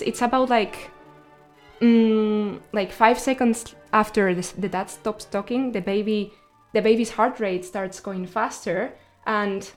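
A woman hosts a radio show and talks her way through science facts in a loose, chatty style. She stumbles, restarts and fills gaps with "um" and "like" as she goes. Music plays faintly beneath her voice. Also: on the high side. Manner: chatty and loose, many fillers and self-corrections. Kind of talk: casual radio talk sharing science facts between songs.

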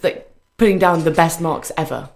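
Low-voiced young British woman, chatty. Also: moderate pace, gravelly, a little mellow. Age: young adult. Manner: chatty, hesitant with frequent ums, laughing asides. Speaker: guest. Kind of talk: casual radio chat.

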